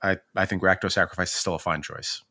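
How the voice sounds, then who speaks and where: A man gives firm opinions on a card game in a measured, conversational way, often stammering as he restarts a sentence. His voice is low. The sound is dry and close, with almost no room around it. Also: fairly even intonation, pushed and bright, no room sound. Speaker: podcast co-host. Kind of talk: casual card game podcast chat.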